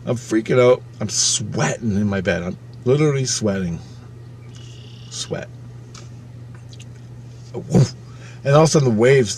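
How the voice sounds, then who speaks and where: Male storyteller, mid-pitched, plain casual delivery, profane and animated, faint hiss behind. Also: a little slow, pauses often. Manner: swears freely, acts out his own past thoughts with sudden loud and quiet swings. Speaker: channel host recounting a personal experience.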